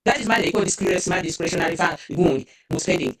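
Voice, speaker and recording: A woman's voice: sits low, fast talker, echoey room, distant mic. A woman with a Ugandan accent giving impassioned political commentary, indignant and rhetorical, often adding "eh?" and "hmm?".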